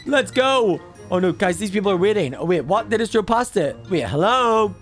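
At a moderate pace and in an excited mood, a man plays an excitable, greedy toddler boy with a squeaky, babyish voice. His in-character gameplay commentary runs over faint background music.

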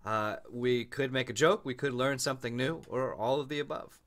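A man co-hosting a podcast in casual chat, animated and laughing often. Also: medium pitch, moderate pace. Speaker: podcast co-host.

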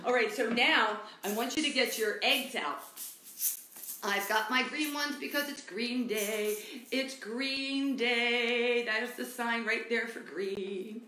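A woman's voice: fairly high pitch, unhurried. A woman teaching a livestreamed kids' music class, cheerful and encouraging. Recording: roomy echo, loud guitar.

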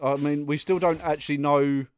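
A man's voice: fairly high pitch, little pitch movement, moderate pace. Exasperated man narrating gameplay. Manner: exasperated, muttering, frequent laughs and outbursts. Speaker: gaming YouTuber. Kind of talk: let's play commentary.

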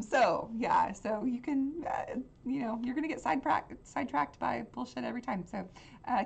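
A woman's voice: fairly high pitch, gravelly. Woman game master for a tabletop game, loose and rambling. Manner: rambling, filler-heavy.

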